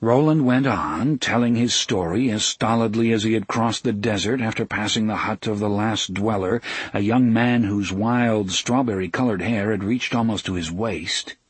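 Casting: male audiobook narrator, steady and even, husky voice, dry close sound. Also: on the low side, moderate pace, no echo. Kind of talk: scripted narration.

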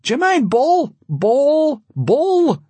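A man voicing a huge, pushy young man with a slight Yiddish accent, an oddly high-pitched voice and broken English, in an audiobook. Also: wildly swooping pitch, extremely slow, no room sound, exaggerated voice. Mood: insistent. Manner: loud, insistent, repeats questions. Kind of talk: audiobook narration.

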